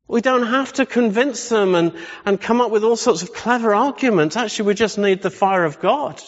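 A man's voice: high-pitched, normal speed. A man preaching a sermon, emphatic and full of rhetorical questions. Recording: echoey hall, slightly dull sound.

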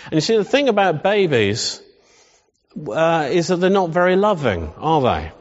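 A man's voice: fairly high pitch, very animated, normal speed. A man preaching a sermon in a humorous, conversational way, often asking the congregation questions. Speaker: pastor. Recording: dull sound with long hall reverb.

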